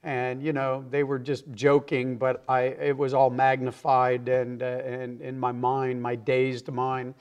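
An evangelist appearing as a guest on a TV interview earnestly shares his personal testimony, acting out the voices of people in his story. His mid-range voice is monotone, unhurried, a little mellow and clean, with hardly any pauses. The sound is lo-fi.

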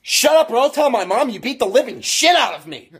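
A young man performing crude short comedy sketches, flipping from deadpan mutters to foul-mouthed outbursts. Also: very high voice, fairly quick, a crowd in the background. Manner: crude, deadpan then explosive.

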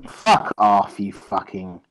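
A man's voice: on the low side, sing-song, slow pace, a bit bright. A young man streaming a game, swearing and teasing his opponent in casual banter.

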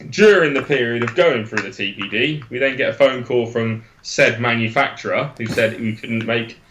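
A young man with an Oxfordshire English accent, an e-liquid maker, chats casually as a guest on a live stream, rambling, correcting himself as he goes, and laughing easily. His medium-pitched voice has a fairly bright tone and moderate pace, with slight background noise.

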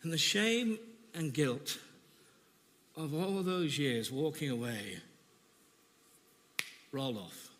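A man preaching a sermon in a church, telling an emotional personal testimony with halting repetitions. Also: a little high, animated, fairly bright tone. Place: church hall. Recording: reverberant church hall.

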